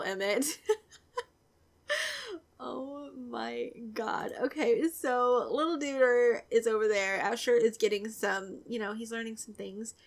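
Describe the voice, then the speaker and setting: A chatty young woman talks through her game in a casual, giggly way, her voice sitting a little high. She often sinks into a soft, breathy near-whisper. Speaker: gaming video creator. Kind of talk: casual let's-play commentary.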